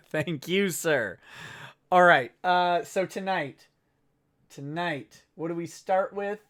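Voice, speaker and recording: A man's voice: fairly high pitch, takes it slowly, fairly bright tone. A man hosting a casual livestream, sarcastic and self-mocking, often breaking into laughter. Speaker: livestream host.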